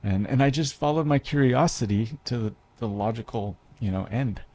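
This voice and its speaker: A man's voice: mid-range voice, moderate pace, dark tone. A man in his thirties telling a personal story to an audience in a conversational way, with many fillers and restarts. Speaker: speaker.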